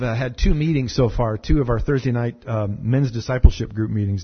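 Animated husky-voiced male pastor. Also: medium pitch, highs cut off. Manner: conversational, animated, many fillers and repeated words. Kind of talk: sermon.

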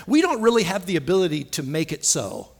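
A middle-aged man preaching a sermon in a church, emphatic and repetitive, swinging between soft asides and loud, stressed phrases. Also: high voice, big pitch swings, a little fast, gravelly, breathy edge. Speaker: pastor. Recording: long hall reverb.

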